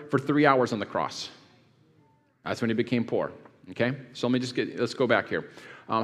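A man, a pastor, preaching a sermon to a live congregation, reading scripture aloud and quizzing the audience with questions. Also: medium pitch. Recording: long hall reverb.

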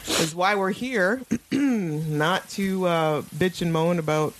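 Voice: mid-range voice, slight background noise. A podcast co-host recapping an episode in casual chat, laughing often, swearing casually and acting out the characters. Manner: animated, quick to laugh, acts out characters.

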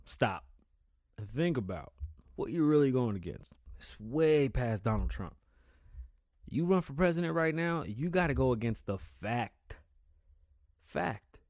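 Profane excitable male podcast host. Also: mid-range voice, dry recording, clean studio sound. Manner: loose, profane, excitable, stumbles over words. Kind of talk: casual solo podcast talk.

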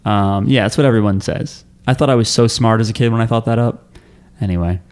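A man's voice: fairly low pitch, fairly quick, darkish tone, clean tone. A man co-hosting a casual podcast chat, recapping an anime with crude jokes and rambling asides. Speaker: podcast co-host.

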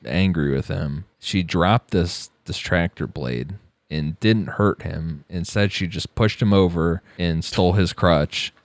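A man's voice: deep voice, slow, no room sound. A man casually narrating a true crime story on a podcast, laughing often as he goes. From United States.

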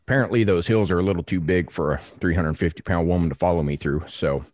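A man co-hosting a podcast, telling a story in a casual, animated, salty way and acting out voices. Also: deep voice, quick pace, dry recording, clean studio sound. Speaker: podcast co-host.

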